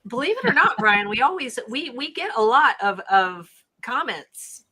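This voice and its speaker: A woman co-hosting a live chat, telling stories in an animated way and tripping over her words. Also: a little high, normal speed, slightly rough. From United States. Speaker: co-host of a live Q&A stream. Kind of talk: casual chat.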